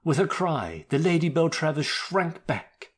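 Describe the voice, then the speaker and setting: A man narrates a story with theatrical flair, his husky voice sitting fairly high. His intonation swings widely from line to line. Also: sing-song, unhurried.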